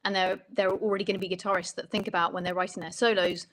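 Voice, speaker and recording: A woman's voice: medium pitch, level tone, racing, few pauses, fairly bright tone, low-quality recording. A woman songwriting coach explaining melody and lyric writing in an interview, thoughtful and stopping often to rephrase.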